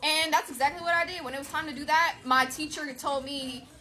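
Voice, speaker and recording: A woman tells a personal story in a loose, casual monologue. Her voice is high and bright. She speaks bluntly, swears freely and keeps the telling lively. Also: fairly quick. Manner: animated, blunt, profane.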